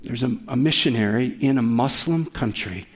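A man's voice: medium pitch, normal speed. A man preaching a sermon as pastor, telling stories with energy and putting direct questions to his listeners. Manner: animated storytelling, asks the audience direct questions.

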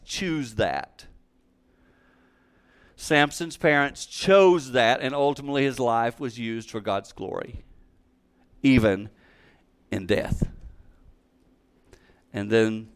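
A man's voice: mid-range voice, smooth. A middle-aged man preaching a sermon, telling a personal story and leading a closing prayer, earnest and emphatic with repeated phrases.

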